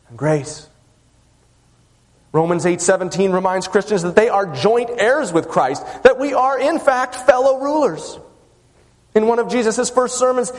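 A man with a high, light voice preaches a sermon, earnest and deliberate, leaning on his pauses. His words ring out with a long reverb, as if spoken in a large hall. He addresses the listeners as friends.

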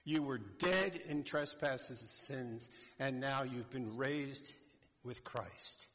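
A man preaching a sermon slowly and emphatically, addressing a congregation. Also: mid-range voice, fairly bright tone. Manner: slow, deliberate, emphatic preaching. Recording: long hall reverb.

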